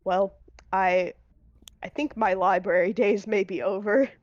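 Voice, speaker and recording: Spoken by a woman in her own voice, a frail, guilt-ridden old librarian talks slowly and gently. The sound is slightly dull, with soft music underneath. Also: medium pitch, fairly even intonation, dry recording, natural voice. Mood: weak. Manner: weak, apologetic, coughing. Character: weak injured old male librarian, apologetic.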